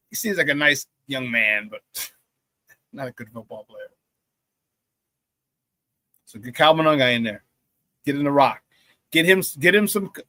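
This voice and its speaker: A man hosts a live sports talk stream, high-pitched and bright, talking bluntly and laughing at his own jokes. He is close to the mic in a dry room with no echo. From Chicago area.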